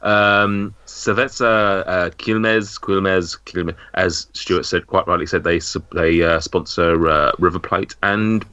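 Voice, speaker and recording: Man, quizmaster host, casual chat, jokey, lower-pitched voice, dull lo-fi recording. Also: steady tone, slow, few pauses, sharp tone, clean tone, no echo. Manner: jokey, reads out answers with fillers. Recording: dull lo-fi mic.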